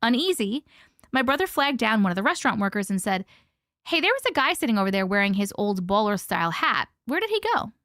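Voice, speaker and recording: A woman hosting a casual live stream, chatting with viewers and reading stories aloud with hushed dramatic pauses. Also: medium pitch, very animated, dry recording, studio quality.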